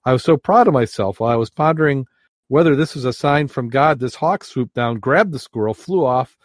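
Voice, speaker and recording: A man's voice: mid-range voice, a little fast, dry recording, clean studio sound, close to an everyday voice. A man voicing a frustrated nun who recounts her golf game. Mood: exasperated. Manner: exasperated, storytelling. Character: frustrated golfing nun, a woman.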